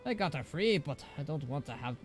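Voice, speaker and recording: A man's voice: on the high side, lively intonation, a little fast, soft background music, lightly acted. A man voicing a male troll animal keeper in a game, speaking in a loose troll dialect. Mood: folksy. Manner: island troll dialect with "be" in place of "is".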